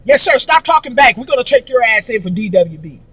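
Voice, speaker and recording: Woman putting on a halting, officious male cop. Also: fairly high pitch, big pitch swings, fairly bright tone, slightly rough, exaggerated voice. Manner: halting, full of 'uh' fillers. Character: stern male police officer, hesitant and officious.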